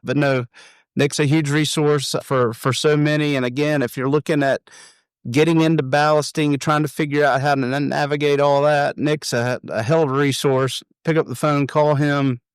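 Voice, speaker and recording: A man's voice: a little high, flat delivery, moderate pace, clear, resonant tone, dry recording. A man with a Southern US accent hosting a podcast in easygoing casual chat, laughing often. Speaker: podcast host.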